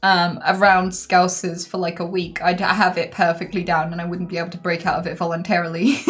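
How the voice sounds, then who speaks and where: A woman's voice: on the low side, little pitch movement, a little fast, fairly bright tone, faint music behind. A woman streamer chatting casually and playfully on a live stream, laughing often.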